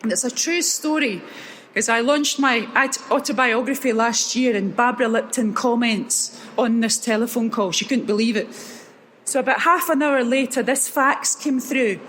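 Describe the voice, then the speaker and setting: A Scottish woman in middle age speaks at a live event, her voice sitting a little high. She tells her stories with energy and acts out the dialogue as she goes. Faint room noise sits behind her. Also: normal speed. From Scotland. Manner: animated storyteller acting out dialogue. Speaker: keynote speaker. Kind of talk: motivational talk with storytelling.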